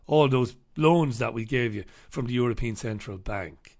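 Sarcastic ranting man, gravelly voice. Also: mid-range voice, moderate pace. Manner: sarcastic, combative, swears freely. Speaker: talk show host. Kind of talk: ranting monologue and newspaper review.

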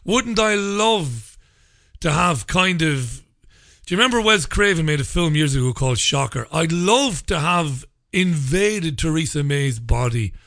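A man's voice: on the high side, fairly bright tone, no room sound, studio quality. A man hosting a radio talk show, delivering an opinionated, sarcastic and profane monologue. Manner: sarcastic, profane, ranting with mocking laughter.

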